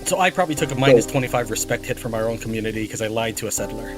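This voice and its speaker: Fast-talking man explaining game mechanics. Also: medium pitch, expressive, music in the background. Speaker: game player. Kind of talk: casual co-op gaming chat.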